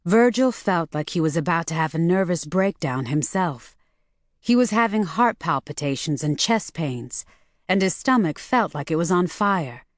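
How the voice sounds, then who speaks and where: A woman reads a novel aloud in a steady, measured manner, her voice low for a woman. The recording is close and dry with no room sound. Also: no room sound. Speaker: audiobook narrator. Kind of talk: scripted narration.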